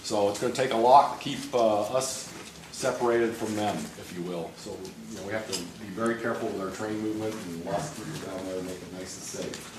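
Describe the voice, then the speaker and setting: A man's voice: on the low side, fairly even intonation, fairly quick, crowd noise. A congested man giving an informal briefing at a public meeting, talking conversationally with many uh's and restarts. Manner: conversational, frequent uh and um, restarts itself. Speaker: rail operations executive giving a briefing. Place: large meeting room. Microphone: distant room mic. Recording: echoey meeting room from far off with noise.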